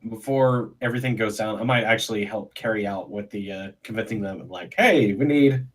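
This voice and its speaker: A man playing in a tabletop game, planning out loud in a hesitant way with many fillers. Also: fairly low pitch, level tone, a little fast. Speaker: player. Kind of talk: casual tabletop role-play.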